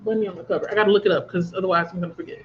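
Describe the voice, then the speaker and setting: A woman's voice: fairly low pitch, fairly even intonation, racing, lo-fi sound, slight background noise. A woman hosting a book channel livestream, chatting casually, reading viewer comments aloud and laughing often.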